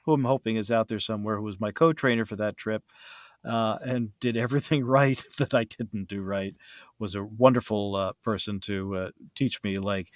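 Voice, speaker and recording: A man's voice: lowish voice, normal speed, dry recording. Male podcast host, chatty and rambling, full of fillers; dry recording. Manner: rambling, with many fillers and restarts. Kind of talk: casual chat.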